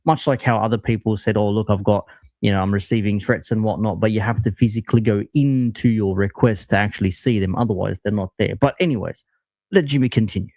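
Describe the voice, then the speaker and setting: A man co-hosting a live football stream, calmly explaining and framing a clip for viewers. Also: lowish voice, dry recording. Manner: measured, explanatory. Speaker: co-host commentator.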